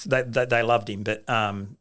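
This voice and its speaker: A man's voice: lowish voice, fairly even intonation, measured pace, fairly bright tone. A middle-aged man with an Australian accent, a guest in an interview, telling stories in a loose, anecdotal way with lots of restarts. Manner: anecdotal, acts out quoted voices, many restarts. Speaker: guest, rugby league coach. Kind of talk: storytelling in a casual interview.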